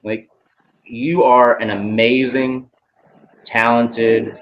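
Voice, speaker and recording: A man's voice: mid-range voice, little pitch movement, drawn-out words, lo-fi sound, a little hiss or hum. A man channeling messages in a casual, hesitant way, with many ums and some casual swearing.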